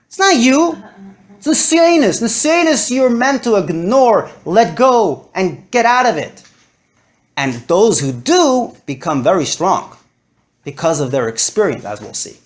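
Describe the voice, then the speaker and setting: A man lecturing to a live audience, animated and acting out his stories with big swings in his voice. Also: high-pitched, unhurried.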